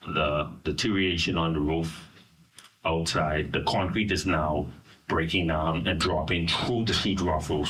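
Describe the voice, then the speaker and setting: A middle-aged Bahamian man recounting a personal ordeal in an interview, halting and full of "you know". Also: sits low, a bit bright, breathy edge. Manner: halting, searching for words, frequent "you know". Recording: voice from a distance.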